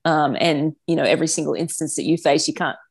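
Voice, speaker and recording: A woman in her thirties speaks as a podcast guest, her voice sitting a little low. She talks in a relaxed, candid way, with plenty of fillers and restarts. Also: quick pace, slightly rough. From Australia. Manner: chatty, frank, many "like" fillers. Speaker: guest, professional triathlete and mother. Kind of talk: casual podcast conversation.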